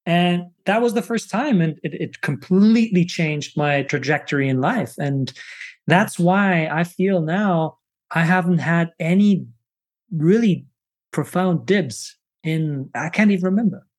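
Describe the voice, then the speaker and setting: A man's voice: fairly high pitch, animated. A man on a podcast telling a personal story in earnest, candid talk. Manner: earnest, acts out his own past lines in quick bursts.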